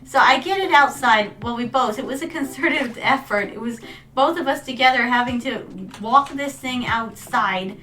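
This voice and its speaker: A woman streamer with a high, bright voice chats casually while playing a game, telling long stories and calling her viewers her darlings. She sits a little back from the mic, and soft music plays behind her. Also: normal speed, distant mic. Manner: storytelling, calls viewers "my darlings". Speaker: VTuber streamer. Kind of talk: casual chat while gaming.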